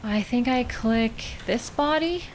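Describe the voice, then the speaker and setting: A woman's voice: on the high side, lively intonation, slow pace, slight background noise. A woman from Canada streaming a game live, thinking aloud in a playful way. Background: game music.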